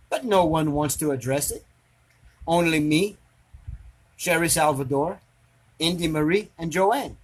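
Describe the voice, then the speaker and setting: A man with a high, husky voice rants at his online audience. He sounds preachy and confrontational and keeps hammering the same rhetorical questions. His delivery comes across as an angry monologue. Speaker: commentator reacting to social media drama.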